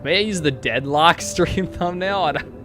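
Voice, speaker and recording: A man's voice: on the high side, normal speed, music in the background. A man live-streaming, casually reading online posts aloud to his chat and breaking off with sarcastic asides.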